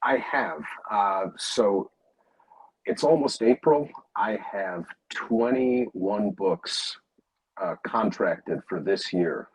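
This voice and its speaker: A man who works as an audiobook narrator, answering interview questions in a halting way, with many fillers and restarts. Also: on the low side, animated, breathy edge, poor audio.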